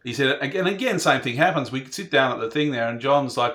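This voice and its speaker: A man tells a long story in a loose, chatty way. His voice sits at an ordinary middle pitch, and he keeps circling back with fillers and quoted lines from other people. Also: fast talker, hardly any pauses. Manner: rambling, animated, filler-heavy anecdote. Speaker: racing industry panelist telling a story. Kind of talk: casual storytelling.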